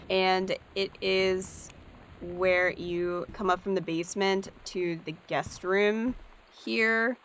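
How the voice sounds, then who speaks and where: A woman's voice: fairly low pitch, a bit bright. Chatty woman narrating gameplay. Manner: chatty and upbeat, thinking aloud. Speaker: let's play host. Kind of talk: casual gameplay commentary.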